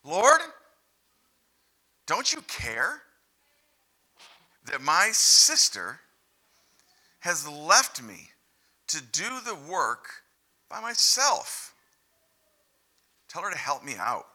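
A preacher voicing Martha as a frazzled, overworked woman crying loudly for help. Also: wildly swooping pitch, extremely slow, long pauses, heavily acted. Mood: pleading. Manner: high, loud, pleading cries for help.

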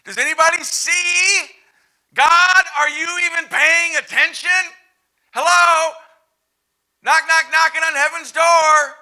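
A preacher voicing Martha as a frazzled, overworked woman crying loudly for help. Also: very animated, takes it slowly, long pauses, exaggerated voice. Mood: desperate. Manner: high, loud, pleading cries for help.

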